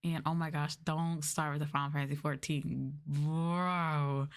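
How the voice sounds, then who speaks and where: Young woman streamer, low and soft, chatty ASMR talk, filler-heavy. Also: flat delivery, a little fast. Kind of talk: soft-spoken ASMR chat.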